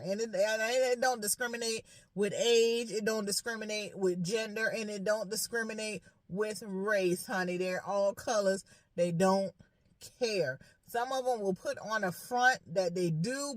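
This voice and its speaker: A young adult woman nurse, chatting and ranting to camera in a lively, frank way. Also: mid-range voice, dry recording. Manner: chatty, animated, says "y'all" and "honey". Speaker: nurse and vlogger. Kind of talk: casual rant to camera.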